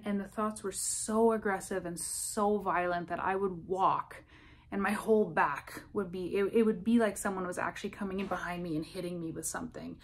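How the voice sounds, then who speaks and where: Gravelly-voiced woman telling her story. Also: lowish voice. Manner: halting, emotional, with frequent restarts. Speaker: vlogger sharing a personal experience. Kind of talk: candid personal testimony.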